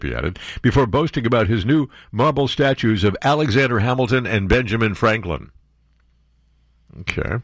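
Sarcastic talk radio host. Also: male voice, medium pitch, a bit bright, dry recording, studio quality. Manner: sarcastic, mocking, reads news aloud and interjects. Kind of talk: opinionated talk radio commentary.

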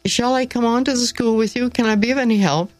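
A woman's voice: on the high side, fast talker, no room sound, pitched above the performer's own voice, lightly acted. A woman reading aloud voices an eager young female teacher who gushes ardently. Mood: gushing. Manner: ardent, gushing.

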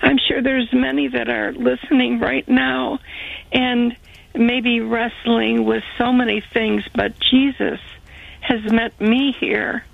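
Female caller on a phone line, gravelly and earnest, high-ish. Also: flat delivery, no room sound. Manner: grateful, earnest, halting. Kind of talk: call-in radio testimony.

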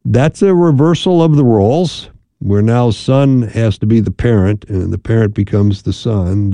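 A man hosting a call-in radio advice show as a marriage therapist, speaking in a calm, measured way and often checking in with "right?". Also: on the low side, gravelly, no room sound.

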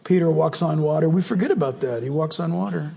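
A man's voice: a little high, quick pace, creaky, dark tone, long reverb tail. A male preacher giving an emphatic, conversational sermon and asking the congregation direct questions.

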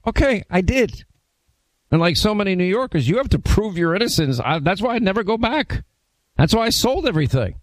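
A man hosting a talk radio show, telling stories and acting out quotes in an animated way. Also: high voice, fairly quick, dry recording. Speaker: radio host. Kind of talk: casual talk show banter.

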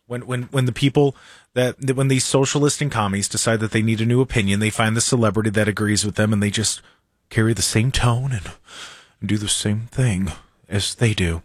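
A man's voice: on the low side, fairly even intonation, fairly quick, no room sound, studio quality. A man hosting a political talk show, mocking and sarcastic in his commentary.

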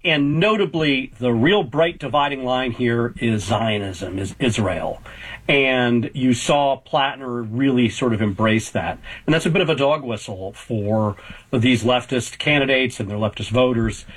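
A man in his fifties with a husky voice talks through politics in a measured, hedging way. He often restarts his sentences as he works through a point. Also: medium pitch, poor audio. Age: 50s. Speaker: political journalist guest. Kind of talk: conversational political analysis.

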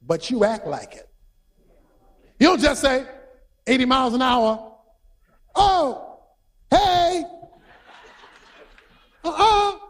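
A man preaching a sermon who tells stories with energy, shouts his points and quizzes the congregation. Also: very high voice, measured pace, pauses often. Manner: animated storytelling, shouting for emphasis, quizzing the congregation.

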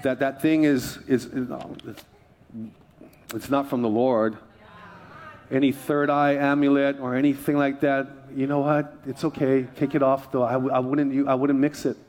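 A man pastor preaching a sermon in a loose, conversational way, telling stories and swinging between hushed asides and excited telling. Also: medium pitch, unhurried. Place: church sanctuary stage.

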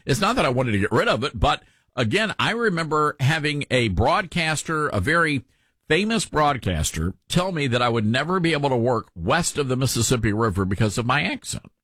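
Male talk host, soft Southern accent, slightly husky, folksy and chatty. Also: medium pitch, very animated, brisk, no room sound. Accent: Southern US, Tennessee. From Tennessee. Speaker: radio talk show host. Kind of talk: talk radio commentary.

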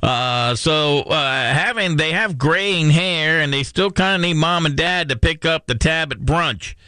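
A man's voice: on the high side, a little slow, bright, forceful tone, clear, resonant tone, no echo. A middle-aged man hosting a radio show, talking casually in a chatty, rambling way with lots of fillers. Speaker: radio host.

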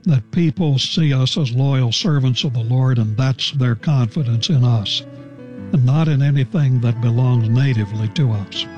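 A man teaching the Bible verse by verse on a radio program, earnest and deliberate, stressing key words. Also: mid-range voice, darkish tone, faint music behind.

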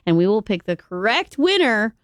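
A woman's voice: mid-range voice, very animated, normal speed, no echo, studio quality. A woman hosting a morning radio show, chatty and bubbly in casual banter.

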